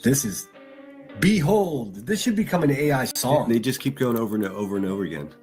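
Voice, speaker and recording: A man's voice: mid-range voice, big pitch swings, brisk, darkish tone, soft background music. A man hosting a livestream, reading chat and mocking people with crude insults and laughter. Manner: insulting, sneering, laughs at own jokes. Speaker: livestream host.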